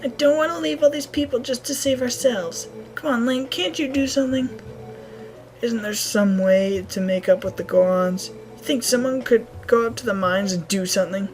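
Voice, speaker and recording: A woman's voice: normal speed, soft background music, lightly acted, low-quality recording. A woman voicing an eager, hopeful village child in a video game. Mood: pleading. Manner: high pleading voice.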